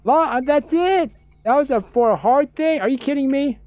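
A man streaming a horror game, giving excitable, jokey commentary and talking to himself. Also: extremely high pitch, moderate pace. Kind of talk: let's play commentary.

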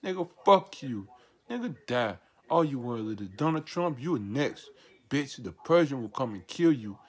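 Man from Nigeria, self-styled prophet, profane defiant rant to camera, mid pitch. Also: sing-song, moderate pace, a little mellow, breathy edge. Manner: defiant, profane, repetitive ranting with taunting asides.

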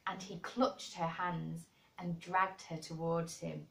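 A woman reading a classic children's novel aloud in an expressive storybook manner. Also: on the low side, slow, vocal fry, few pauses. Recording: roomy and distant.

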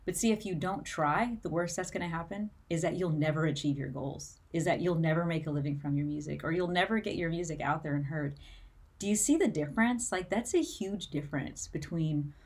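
Husky woman with a low voice, a music coach speaking to her viewers, heartfelt and tearful. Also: a little fast. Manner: earnest, emotional, many fillers like "like". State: tearful, near crying. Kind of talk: motivational talk to camera.

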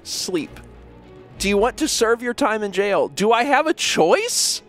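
A male game streamer with a high, very animated voice, rambling excitably and yelping as he plays. His delivery swings widely in pitch, and faint game music plays in the background. He talks straight to his audience in loose, playful live commentary. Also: a little slow. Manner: excitable, yelps and laughs, rambles.

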